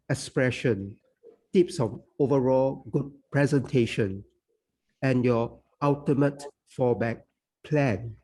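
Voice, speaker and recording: Slow, husky man teaching. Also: medium pitch, warm tone. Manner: explanatory, peppered with "you know". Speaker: English oral exam tutor. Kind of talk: online lecture to students. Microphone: video call.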